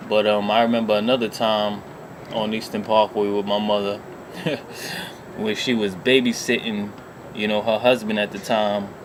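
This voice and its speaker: A man's voice: on the low side, little pitch movement, a little slow, background noise. A man telling a rambling, profane personal story in a casual vlog, leaning on filler phrases. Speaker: vlogger.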